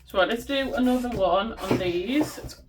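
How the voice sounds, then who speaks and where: A woman's voice: on the high side, moderate pace, background noise. A woman with a Black Country accent chatting casually on a budgeting vlog, laughing at herself and humming tunes as she sorts cash. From West Midlands, England. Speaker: budgeting vlogger. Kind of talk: casual chat while cash stuffing.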